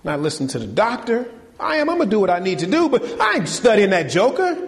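A man preaching a sermon to his congregation, animated and colloquial, firing rhetorical questions and calling them y'all. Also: high voice, fast, gravelly, long reverb tail. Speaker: pastor. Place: church.

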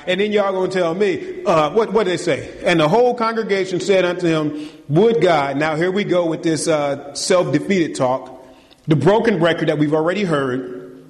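A man preaching a sermon to his congregation, animated and colloquial, firing rhetorical questions and calling them y'all. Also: on the high side, moderate pace, big-room sound. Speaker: pastor. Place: church.

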